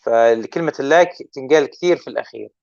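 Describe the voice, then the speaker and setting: A man's voice: medium pitch, racing, gravelly, darkish tone, no echo. A Saudi-accented man hosts a casual chat, racing through his lines and moving between English and Arabic. The sound is dry but dull and lo-fi. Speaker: host.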